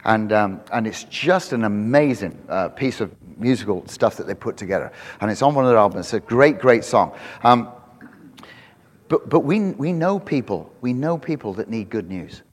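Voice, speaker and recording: A man preaching a sermon to a congregation, telling animated stories with frequent restarts. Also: lowish voice, normal speed. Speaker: pastor. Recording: long hall reverb.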